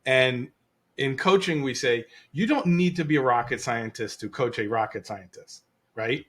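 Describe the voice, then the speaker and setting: Podcast co-host, male, lively delivery with many restarts, casual call chat. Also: mid-range voice, moderate pace. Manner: animated, restarts often, acts out quoted voices.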